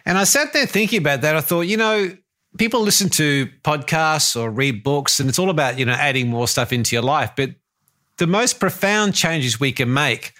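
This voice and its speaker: Aussie guy hosting a podcast, bright crisp voice, chatty and keen, middle-aged. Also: on the high side, lively intonation, moderate pace. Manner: enthusiastic, builds up questions at length. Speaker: podcast host. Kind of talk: interview conversation.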